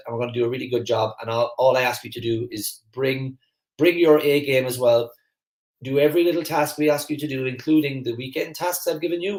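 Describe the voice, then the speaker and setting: Fast-talking man with a Kerry accent. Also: mid-range voice, reverberant. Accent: Irish, Kerry. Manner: fast, energetic, chatty, many fillers and restarts. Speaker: host of a live online masterclass. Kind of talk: live-stream talk to viewers, reading the chat.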